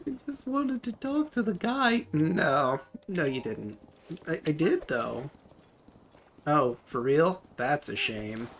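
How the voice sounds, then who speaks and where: A man's voice: on the high side, sing-song, slow pace, a bit bright, slight background noise. A man streaming a game, chatting casually and joking about what happens on screen. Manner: joking, reads game text aloud. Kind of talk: casual gameplay chat.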